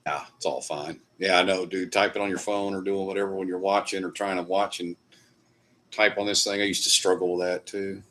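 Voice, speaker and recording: A man hosts a casual live stream, reading comments and chatting loosely with viewers while swearing now and then. His voice is low-pitched and a bit bright, with a steady tone and a slightly fast pace.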